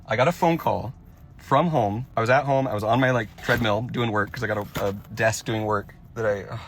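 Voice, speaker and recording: A man's voice: fairly low pitch, brisk, a bit bright. A man, a dentist, telling a shaken first-person account to camera outside a gas station. He is rattled and shaking, rambling with breathless restarts.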